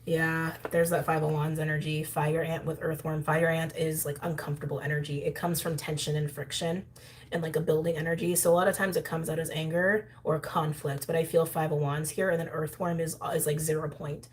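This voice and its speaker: A young woman with a slightly low voice gives a tarot and astrology reading. She talks straight to her viewers in a chatty, animated way. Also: fairly quick. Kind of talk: intuitive tarot reading to camera.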